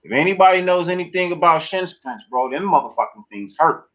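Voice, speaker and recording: A man's voice: on the high side, animated, brisk, fairly bright tone, muffled recording. A man hosting a live sports stream in a laid-back, casual way, often saying "you know what I mean.".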